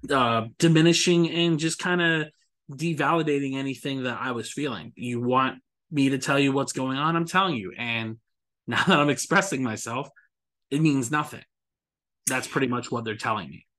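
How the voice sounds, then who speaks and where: A man's voice: medium pitch, normal speed, a bit bright. A man hosting a podcast interview over a video call, speaking candidly about his own experiences. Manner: candid, reflective, personal. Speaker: podcast host.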